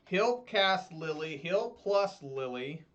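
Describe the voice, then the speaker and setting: Bright-voiced man muttering gameplay commentary. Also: on the high side, lively intonation, slow pace, muffled recording. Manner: swears often, talks to himself while playing. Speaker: gameplay streamer.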